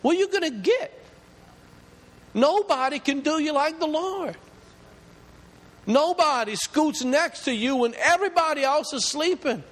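A male pastor preaches with a high, strongly varied voice that climbs as he presses his points. His words ring out with a long reverb, as if in a large church hall. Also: lively intonation, unhurried, long pauses, a bit bright. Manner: impassioned preaching, rising pitch as he builds. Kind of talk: sermon.

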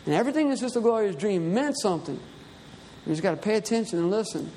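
High-voiced preacher in a reverberant hall. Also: male voice, animated, fast, dark tone, slight background noise. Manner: storytelling, conversational, rising emphatic. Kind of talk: sermon. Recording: reverberant hall with faint ambience.

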